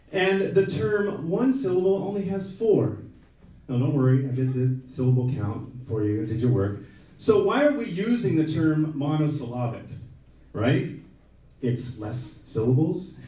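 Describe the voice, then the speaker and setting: A man's voice: fairly high pitch, warm tone. A man doing a wry, self-deprecating stand-up routine on a comedy club stage, often tossing in "right?" as the audience laughs. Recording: echoey room, mic from a distance.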